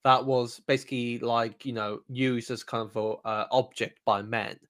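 Man, podcast co-host, rambling casual chat, fillers and restarts, mid-pitched voice. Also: fairly even intonation, moderate pace, fairly bright tone.

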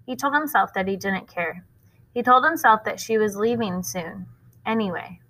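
A woman reading a novel aloud at a school, expressive and pausing to explain the story to listeners. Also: medium pitch, low-quality recording.

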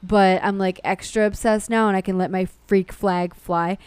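A woman's voice: medium pitch, fairly even intonation, normal speed, darkish tone, clean tone, no room sound. A woman co-hosting a podcast in casual chat, sarcastic and jokey, laughing often. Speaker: podcast co-host.

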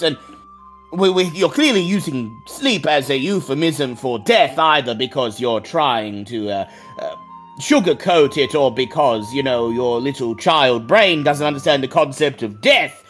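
Brief: man player narrating his character, quick and wry, faint music behind. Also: mid-range voice, expressive, a bit bright. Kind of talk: tabletop role-play, narrating his character.

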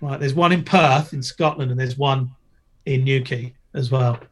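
A man's voice: mid-range voice, moderate pace. Jokey middle-aged man telling stories. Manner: jokey, storytelling, swears freely. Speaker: guest, former skateboarder and TV presenter. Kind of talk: casual podcast interview.

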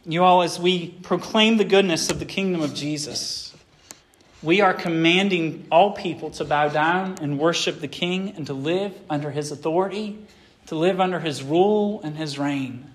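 A middle-aged man delivers a sermon to his congregation. His voice sits a little high for a man, and he presses hard on key points before easing back down. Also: moderate pace. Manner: emphatic preaching, swinging from loud to quiet. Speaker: pastor.

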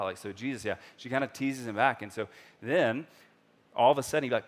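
A man preaching a sermon in a conversational way, full of fillers, acting out the scripture dialogue and swinging from soft, slow passages to loud, excited ones. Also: mid-range voice. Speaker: pastor.

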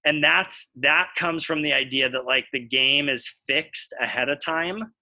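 American man, podcast co-host, slow talker, very bright tone, thinking aloud. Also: fairly high pitch. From United States. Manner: explains at length, thinking aloud. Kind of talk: casual podcast chat.

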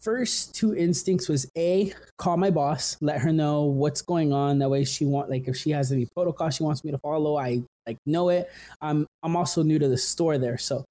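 Young male podcast host, mellow tone, loose rambling storyteller with lots of filler words. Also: a little high, moderate pace. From San Fernando Valley, California. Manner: rambling, full of "like" and "um", restarts often. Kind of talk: casual storytelling.

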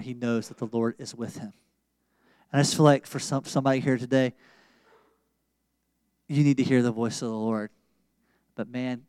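A man preaching a sermon in a casual, slangy storytelling way, swinging between loud emphasis and quiet, intimate moments. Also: high-pitched, no room sound. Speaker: pastor.

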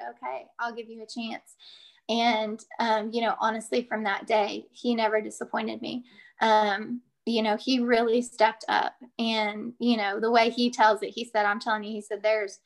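A woman's voice: on the high side, steady tone, normal speed. A middle-aged woman telling a personal story as an interview guest, chatty and earnest, with many fillers. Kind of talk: casual storytelling.

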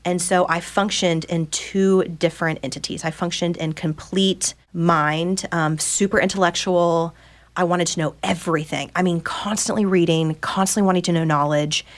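Speaking at a moderate pace with fairly even intonation and a voice on the low side, this woman in her thirties guests on a podcast. In conversation, she earnestly and candidly recounts her personal story, impersonating those she quotes.

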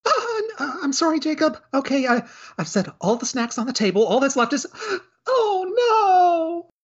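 A man voicing a clumsy young maid in a high falsetto, stammering and apologetic, on a dull recording. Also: sing-song, moderate pace. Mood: flustered. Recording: dull lo-fi audio.

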